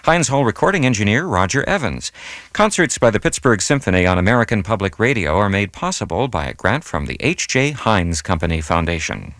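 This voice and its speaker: A man hosting a classical music radio program, reading his script in a measured way and going slowly over details. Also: fairly low pitch, big pitch swings, a bit bright, no echo. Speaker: radio host.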